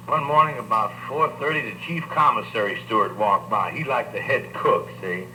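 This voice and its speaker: A man's voice: fairly high pitch, bright, forceful tone, slight background noise, low-quality recording. A middle-aged man doing live stand-up, telling bawdy stories in a folksy way and chatting with the crowd. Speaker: stand-up comedian.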